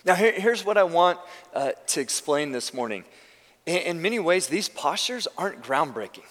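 A man's voice: on the high side, very animated, moderate pace, a bit bright, big-room sound. A male pastor giving a conversational sermon in a church, often restarting his sentences. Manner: conversational preaching with frequent restarts. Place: church sanctuary.

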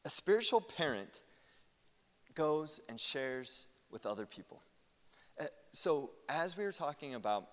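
American pastor preaching in a reverberant hall. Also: male voice, medium pitch. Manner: conversational, animated, with asides. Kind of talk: sermon.

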